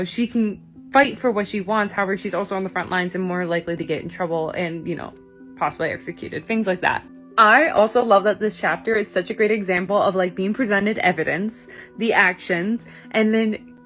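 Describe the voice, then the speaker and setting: A young woman giving a casual, enthusiastic literary analysis of a novel, talking chattily with lots of "like" and "you know". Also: medium pitch. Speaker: book reviewer.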